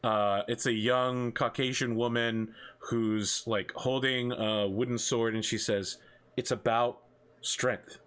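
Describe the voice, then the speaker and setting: A man running a tabletop war game as game master, explaining rules and narrating in a relaxed way. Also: mid-range voice, unhurried, few pauses, clean tone.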